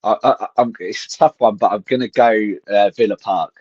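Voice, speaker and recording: A man's voice: lowish voice, moderate pace, slightly rough, dry recording. Hesitant man in his forties, dry dull sound. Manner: hesitant, thinks out loud. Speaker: co-host answering quiz questions. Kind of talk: casual football podcast chat.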